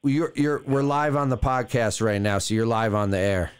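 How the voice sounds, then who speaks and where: A man's voice: mid-range voice, moderate pace, slight background noise. Rambling podcast co-host, a man. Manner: rambling, laughing, stumbling restarts. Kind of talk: casual comedic chat.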